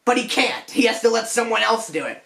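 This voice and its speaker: A man's voice: extremely high pitch, lively intonation, fairly quick, gravelly, pushed and bright. A young man hosting a comedic film commentary vlog in a detective persona, rambling and self-mocking, with joking asides and frequent restarts. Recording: echoey room.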